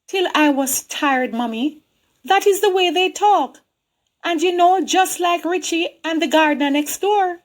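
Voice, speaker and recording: A woman's voice: very high voice, unhurried, rough recording. A woman reading a short story aloud, telling it in a young girl's chatty, childlike first-person voice. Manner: childlike storytelling, voicing a young girl narrator. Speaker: reader.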